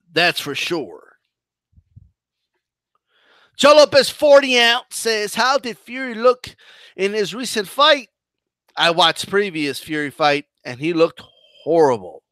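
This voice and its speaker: The host of a boxing commentary channel, a man with a high voice, runs a live stream where he reads chat while ranting and mocking. His delivery is animated and combative, full of restarts, with no echo on the audio.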